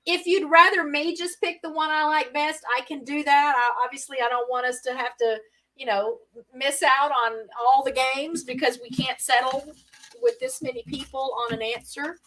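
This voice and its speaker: Woman, live-stream host, high voice, chatty, reads comments aloud, laughs a lot, a bit far from the mic. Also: fairly even intonation, moderate pace, bright, forceful tone. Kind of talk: casual live-stream game hosting.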